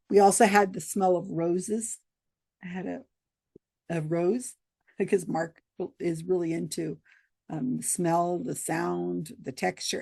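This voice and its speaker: An American woman tells a chatty, rambling story straight to camera, laughing often. Her voice is lowish and a little mellow, with a gravelly edge and husky, slightly breathy grain. The recording is dry and close, with little room around it.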